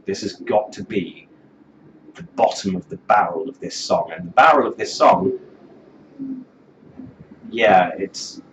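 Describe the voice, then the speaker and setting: A man's voice: low-pitched, slight background noise. Sardonic swearing man, roomy lo-fi sound. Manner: sardonic, scornful, swearing freely. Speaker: music reviewer. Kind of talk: profane reaction commentary.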